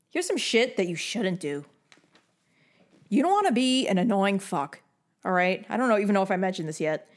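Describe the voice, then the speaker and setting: Young woman, from New York, profane, bossy, casual advice rant. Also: mid-range voice. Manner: blunt and heavily profane; bossy, lecturing.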